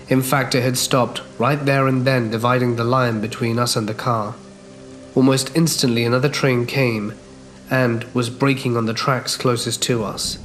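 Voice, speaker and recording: Man narrating a horror story calmly. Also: mid-range voice. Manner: measured first-person storytelling. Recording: faint background music.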